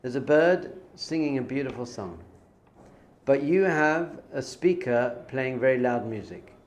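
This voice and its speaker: A man's voice: medium pitch, animated, measured pace, a little hiss or hum. A male rabbi gives an informal spiritual lesson in a mid-range voice. He speaks conversationally and repeats phrases for emphasis. Hebrew terms come up naturally in his talk. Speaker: rabbi teaching.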